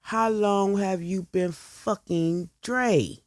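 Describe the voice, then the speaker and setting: Brief: a woman playing a wronged young woman, quiet and controlled, slow and blunt, dry close sound. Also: lowish voice, big pitch swings, no room sound.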